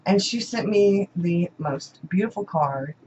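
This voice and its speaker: A woman's voice: lowish voice, animated, unhurried. Woman, casual home vlog, emotional, repeats words, dull sound, faint room hiss. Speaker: vlogger. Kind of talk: casual unboxing chat.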